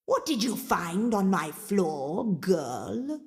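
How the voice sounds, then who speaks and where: A woman storyteller voicing a menacing, hulking old female ogress who drawls her threats slowly and growls. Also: mid-range voice, sing-song, exaggerated voice. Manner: slow, drawn-out, growling threats. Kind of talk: storybook character voice.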